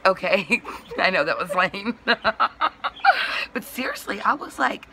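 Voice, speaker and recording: A woman vlogger with a hoarse, fraying voice talks her way through a long story in a casual, rambling manner. Her tone is very bright and edgy, and she laughs at herself along the way. Faint hiss sits under the recording. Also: medium pitch, lively intonation, unhurried, long pauses. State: hoarse, voice going out.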